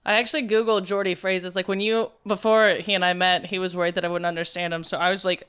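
A woman's voice: lowish voice, little pitch movement, fast, fairly bright tone, clean tone. A woman from the American South chatting enthusiastically in casual talk. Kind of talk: casual chat.

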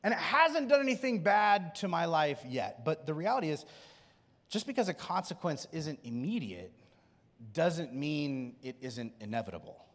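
A man preaching a sermon in a conversational way, going from hushed to loud. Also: fairly high pitch, big pitch swings, normal speed. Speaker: pastor. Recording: long reverb in a large hall.

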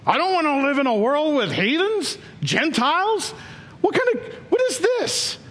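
A preacher voicing an angry resentful prophet. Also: male voice, extremely high pitch, sing-song, a little slow, a bit bright, voice pushed up, heavily acted. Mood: scornful. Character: angry, resentful male prophet crying out to God.

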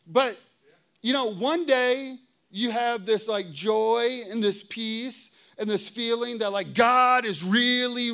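Lively high-voiced man preaching. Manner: casual, conversational, lots of "okay?" and "right?" checks with the audience; animated storytelling, pitch and volume swinging widely. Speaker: pastor. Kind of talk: sermon.

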